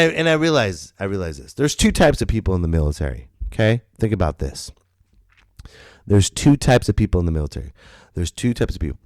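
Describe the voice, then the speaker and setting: A male comedian talks through a loose podcast monologue in a lowish voice, rambling and lively, with profanity and stumbles. The sound is dry and close, with no room around it. He jumps from story to aside with animated emphasis. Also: dry recording. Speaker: stand-up comedian and podcast host.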